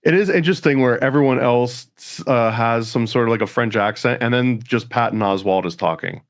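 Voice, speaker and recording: A man with a mid-range voice trades dry, deadpan quips on a podcast. He sounds close and dry, with no room around him. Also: mid-range voice, fairly quick, no room sound. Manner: wry, deadpan jokes. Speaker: podcast co-host. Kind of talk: casual chat.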